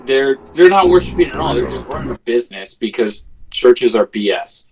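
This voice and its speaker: A man's voice: mid-range voice, normal speed, vocal fry, crowd noise. A man chatting on a podcast, telling a story animatedly and with swearing. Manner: animated, profane, re-enacts quotes. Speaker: podcast co-host. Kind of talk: casual chat, storytelling. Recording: slightly dull lo-fi sound.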